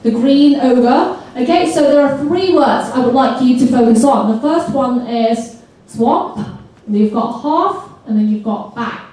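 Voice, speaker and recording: A woman leading an interactive seminar for teachers. She talks in a lively way, puts questions to the audience and mimics accents. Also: sits high, a little slow. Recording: echoey hall from far off.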